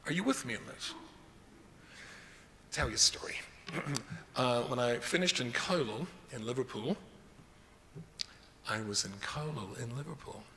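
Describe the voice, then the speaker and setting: A man's voice: medium pitch, a little slow, vocal fry, pauses often, sharp tone. A middle-aged man, a rabbi giving a jokey, self-deprecating lecture full of stories. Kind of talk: humorous lecture with storytelling. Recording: reverberant hall with faint noise.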